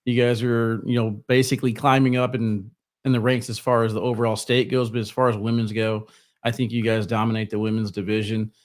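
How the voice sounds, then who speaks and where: Guy co-host, laid back questions, medium pitch. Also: level tone, a little fast. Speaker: podcast co-host. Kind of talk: casual interview chat.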